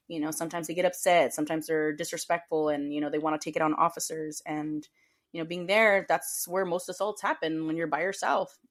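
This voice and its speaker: A woman co-hosting a podcast, telling a work story in casual chat, animated and acting out quoted voices with frequent laughter. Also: deep voice. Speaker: podcast co-host.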